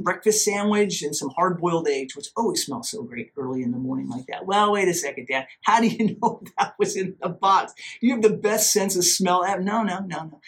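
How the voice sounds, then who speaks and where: High-voiced man telling a podcast story. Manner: animated, self-mocking, acts out his own inner voice. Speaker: podcast host. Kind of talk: casual storytelling monologue.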